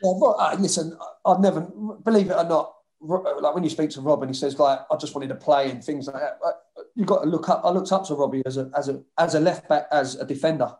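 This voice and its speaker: This podcast guest is an ex-footballer with a London accent, from Hackney, and he tells his old football stories with full-tilt energy, cursing freely and laughing often. His voice is a touch high and quick, and the casual chat takes place in a roomy, echoey room.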